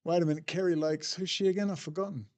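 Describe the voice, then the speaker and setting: A man's voice: fairly high pitch, fairly even intonation, fast talker, darkish tone. A man hosting a casual livestream, rambling and bluntly answering chat messages as he goes. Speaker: livestream host reading chat.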